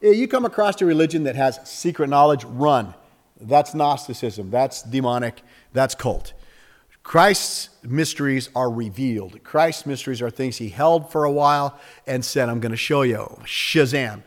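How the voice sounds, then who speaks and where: A man preaching a sermon with lots of energy, acting out little scenes and jumping up and down in pitch and loudness. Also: normal speed, in a large hall. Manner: animated, acts out little scenes with sudden jumps in pitch and volume. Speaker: pastor.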